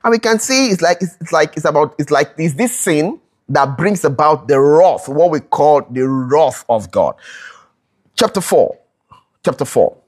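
Unhurried and animated, the teacher's medium-pitched voice is a little mellow with a breathy edge. Explaining scripture in a Bible study, they ask rhetorical questions and repeat them for emphasis, keep checking in with "all right?", and self-correct mid-sentence.

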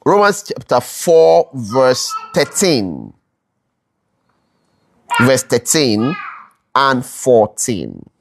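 Lively Bible study teacher asking "all right?". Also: medium pitch, drawn-out words, creaky, long pauses, a little hiss or hum. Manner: checks in with listeners, keeps asking "all right?"; asks rhetorical questions and repeats them for emphasis.

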